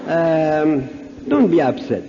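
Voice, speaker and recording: High-voiced Persian-accented man telling anecdotes. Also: sing-song, slow, mellow. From Iran. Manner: humorous storyteller acting out dialogue. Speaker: conference speaker. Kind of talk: anecdotal religious talk. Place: large conference hall. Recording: dull echoey hall recording, faint hiss.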